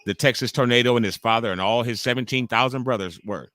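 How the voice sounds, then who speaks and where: A man's voice: mid-range voice, fast talker, a bit bright, no room sound. A young man hosting a live watch-along stream, joking loosely and talking to chat viewers by name. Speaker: livestream host.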